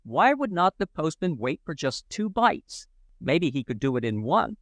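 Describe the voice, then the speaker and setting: A man's voice: fairly high pitch, very animated, moderate pace, fairly bright tone, no room sound. A man reading a humorous children's adventure book aloud in a playful, mock-heroic storytelling manner. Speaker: audiobook narrator. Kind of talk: scripted narration.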